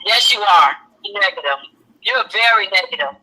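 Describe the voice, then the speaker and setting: A woman's voice: medium pitch, animated, moderate pace, sharp tone, slightly rough, low-quality recording. A woman co-hosting a casual chat, blunt, teasing and insistent. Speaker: co-host.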